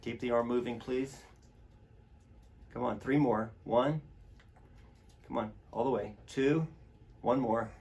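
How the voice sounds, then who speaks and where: A man's voice: mid-range voice, steady tone, takes it slowly, creaky, pauses often, darkish tone, a little hiss or hum. A man working as a chiropractor, coaching a patient through treatment with short, encouraging, repeated commands in a treatment room.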